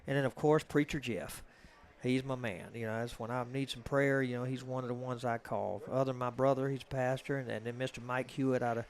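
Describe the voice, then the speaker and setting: Brisk and barely pausing, a Southern-accented man from Georgia keeps his mid-range voice fairly even. As commentator on a live pool stream, he chats casually, wandering off on tangents and cracking jokes.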